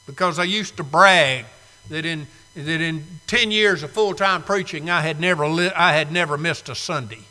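A man's voice: high-pitched, sharp tone, in a large hall. A man preaching a sermon to a live congregation, emphatic and fond of repeating key phrases. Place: church sanctuary, live congregation.

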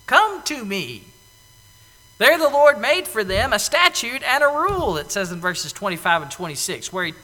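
A man preaching a sermon, animated, acting out the voices of the people in the story. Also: extremely high pitch. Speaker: pastor. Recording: echoey hall.

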